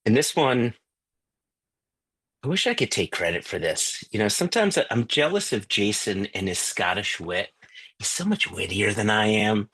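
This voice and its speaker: A man's voice: fairly low pitch, expressive, moderate pace, fairly bright tone, slightly rough. A man hosting an online tasting on a video call, chatting loosely with lots of fillers and restarts. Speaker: whisky tasting host. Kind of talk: casual online tasting talk.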